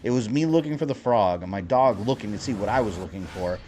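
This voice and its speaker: A man streaming a video game, telling a story in casual chat, animated and swearing freely with lots of fillers. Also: fairly low pitch, fast, a little hiss or hum. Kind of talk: casual storytelling while gaming. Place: home, lives in Florida.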